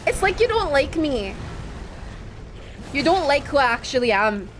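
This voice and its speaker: A woman with a high, sing-song voice, speaking a little slowly with a slight hiss or hum, streams a video game as a VTuber. She chats casually with her audience and, playful, protests their teasing with mock indignation.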